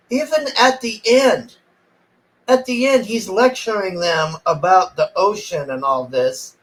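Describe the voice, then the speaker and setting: Slow-talking exasperated man ranting. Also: sits high, lively intonation, low-quality recording. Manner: exasperated, sarcastic, profane. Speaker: movie reviewer. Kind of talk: casual ranting review.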